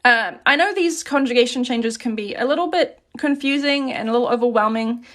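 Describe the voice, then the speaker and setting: A woman teaching a relaxed, chatty live grammar lesson and reading out questions from chat as she writes on paper at her desk. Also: fairly high pitch, fairly quick. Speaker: Korean language teacher.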